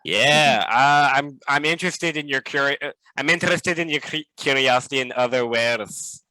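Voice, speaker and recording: Brief: bright, crisp-toned male player, dry close recording, jokey and teasing. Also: medium pitch, normal speed, dry recording. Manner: joking, teasing. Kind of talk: casual tabletop role-play.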